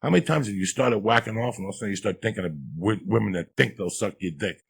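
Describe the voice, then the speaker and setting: A man with a New York accent telling raunchy comic stories, profane and animated, often acting out other people's voices. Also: on the low side, very fast. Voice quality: gravelly, husky. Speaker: podcast guest storyteller.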